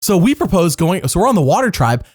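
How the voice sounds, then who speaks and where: A man's voice: high voice, quick pace, husky, no room sound, clean studio sound. A man co-hosting a casual podcast, joking around and acting out little bits as he talks. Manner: animated, joking, acts out bits. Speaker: podcast co-host.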